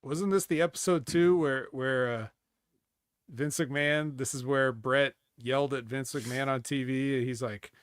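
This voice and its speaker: A man's voice: medium pitch, fairly even intonation, measured pace, clean tone, no room sound. A man co-hosting a casual wrestling podcast, adding dry, wry remarks. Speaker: podcast co-host.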